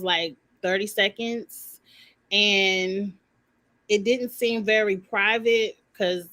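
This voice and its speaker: Woman, reality show reviewer, casual live commentary, blunt, opinionated, fairly high pitch. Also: a bit bright. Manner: blunt, opinionated, slangy and swearing; talks straight to her viewers.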